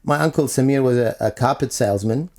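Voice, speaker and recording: A man's voice: medium pitch, brisk, a little hiss or hum. A man hosting a casual chat, telling comic stories with a lot of laughter and acting out other people's lines. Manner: animated storyteller who acts out relatives' lines and laughs often. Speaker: comedian podcast host.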